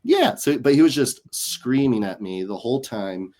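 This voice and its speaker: This man, a comedian guesting on an interview show, talks at normal speed with a medium pitch. He chats casually and tells animated stories, imitating the voices of the people he quotes.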